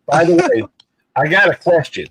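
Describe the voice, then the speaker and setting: A man's voice: on the high side, sing-song, moderate pace, a bit bright, husky, no echo, poor audio. A man speaking earnestly and emphatically on a casual live panel, with some playful teasing.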